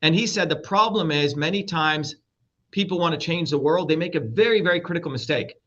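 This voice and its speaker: A man's voice: a little high, brisk, fairly bright tone. A middle-aged man from India, a presidential candidate talking as a guest, blunt, combative and profane. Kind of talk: heated interview talk. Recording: dull lo-fi audio.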